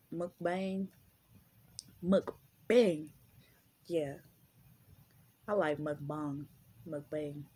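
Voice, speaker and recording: A young woman chatting casually on her vlog, rambling with lots of fillers and relaxed slang. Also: low voice, slight background noise. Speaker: vlogger.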